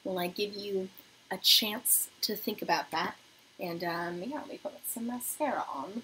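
A young woman hosting a beauty livestream from her apartment, chatting casually while doing her makeup and reading viewer comments aloud, sometimes dropping to a soft murmur. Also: medium pitch, measured pace, husky, rough recording. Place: home apartment.

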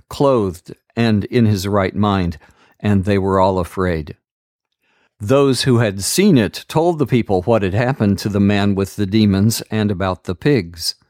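A man hosting a daily Bible reading podcast, reading scripture aloud in a slow, measured, earnest way and adding a short devotional comment. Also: lowish voice, darkish tone, dry recording, clean studio sound.

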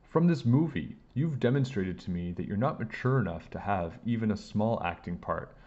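A man's voice: fairly low pitch, expressive, brisk, highs cut off. A man voicing a stern film director and father who gives demanding orders. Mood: angry. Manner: shouting, demanding.

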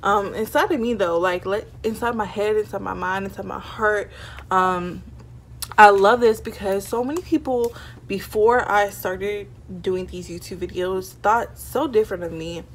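A young woman talks straight to her camera in a relaxed storytime vlog, chatty and full of fillers. Her voice sits at a middle pitch for a woman. A faint hiss sits under the recording. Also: unhurried. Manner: chatty, animated, many fillers like "like" and "y'all". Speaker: vlogger. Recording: faint background noise.

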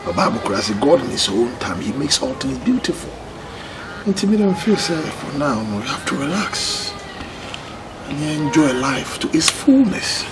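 A man's voice: medium pitch, sing-song, normal speed, gravelly, heavy background noise. A coaxing, scripture-quoting man. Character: preachy man urging calm, quoting scripture.

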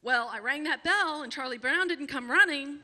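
A woman in her forties performs a personal story on a small stage, her voice high and brightly ringing. She tells it with animation and frequent laughter. A long hall reverb trails each phrase. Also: normal speed. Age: 40s. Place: small venue with a live audience.

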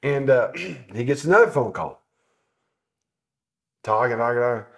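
A man telling a travel story in a casual sit-down interview, animated and swearing, acting out what people said. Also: medium pitch, measured pace. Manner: animated, swearing, acts out quotes. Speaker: motorcycle traveler telling his trip.

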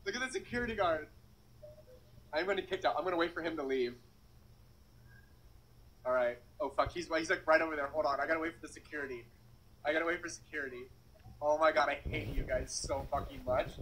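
Young male vlogger, high voice, nervous and flustered, swearing and rambling outside by a fountain. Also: fairly quick, long pauses, fairly bright tone, low-quality recording. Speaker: vlogger doing a dare. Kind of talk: casual vlog to camera. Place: outdoors by a public fountain.

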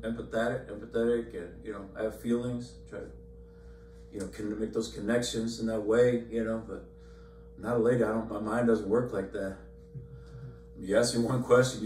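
A man's voice: lowish voice, darkish tone. A man leading an informal Bible study, talking conversationally with many fillers and repeated words. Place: church meeting room. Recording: echoey room, far from mic, faint hum.

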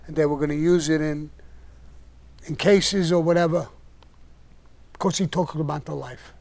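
An older man with a slightly higher voice tells stories on a live stream in a blunt, profane way. He rants hard when worked up. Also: a little mellow. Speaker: podcast host telling stories. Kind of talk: casual storytelling on a live stream.

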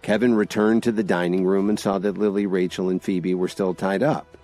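A man narrating an audio drama series in an expressive storytelling manner. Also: sits low, moderate pace, faint music behind.

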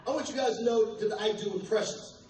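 High-voiced older man doing stand-up. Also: noisy background. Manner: loose, playful crowd work with quick asides to the audience. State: tired voice from weeks of touring. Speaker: stand-up comedian and impressionist. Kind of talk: live stand-up comedy. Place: comedy club stage before a live audience. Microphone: handheld stage mic. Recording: echoey club recorded from a distance. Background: audience laughter and room ambience.

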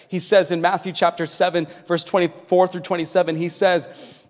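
High-voiced preaching man in a reverberant hall. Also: level tone, moderate pace. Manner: impassioned preaching, swinging from loud to hushed. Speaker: pastor. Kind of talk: sermon. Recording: long reverb of a large hall.

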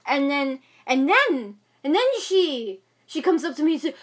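Young woman vlogger, high voice, agitated rambling rant. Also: big pitch swings, unhurried, few pauses. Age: young adult. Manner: agitated ranting, many fillers and repeats. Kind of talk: casual venting vlog.

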